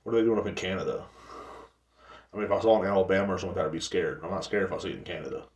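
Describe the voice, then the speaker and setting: On a distant mic in an echoey room, a man with a low voice rants rapid-fire on his solo podcast. The talk is casual, profane and rambling, and he keeps restarting his sentences.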